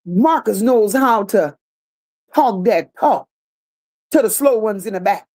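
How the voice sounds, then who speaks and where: A woman's voice: mid-range voice, lively intonation, slow pace, long pauses, a little mellow. A woman hosting a livestream, reading viewer comments aloud and answering them bluntly, with sassy repeated phrases. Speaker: livestream host.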